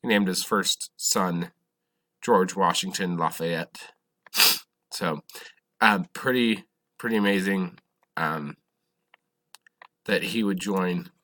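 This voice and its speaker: Male history teacher, lecture, low-pitched, slow and halting, bright tone. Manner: halting, self-correcting, asks questions of the class. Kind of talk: classroom lecture.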